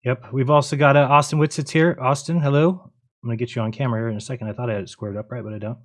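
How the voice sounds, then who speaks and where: A male host leads a memorial livestream in a subdued voice. He is hesitant and a little scattered, fixing muted guests as he talks. His pitch sits in the middle range. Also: fairly even intonation, rapid-fire. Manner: subdued, hesitant, fixing tech while talking. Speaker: show host.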